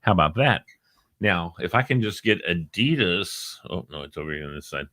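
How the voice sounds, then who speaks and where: A man's voice: deep voice, animated, moderate pace, a bit bright, no room sound, clean studio sound. A middle-aged man hosting a live online show, chatting casually, joking and reading out viewers' names. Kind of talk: casual live-stream chat.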